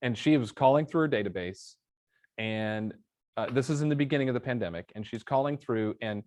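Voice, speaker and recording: Guy on a live interview, telling stories and playing out phone calls, normal pitch. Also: brisk, darkish tone. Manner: acts out phone calls with quoted dialogue. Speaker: guest, real estate training executive. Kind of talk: conversational interview, storytelling with examples.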